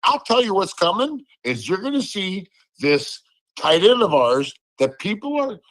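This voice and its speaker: A man's voice: sits high, big pitch swings, unhurried, fairly bright tone, no echo. A man co-hosting a casual sports talk livestream, teasing and playfully needling his partner.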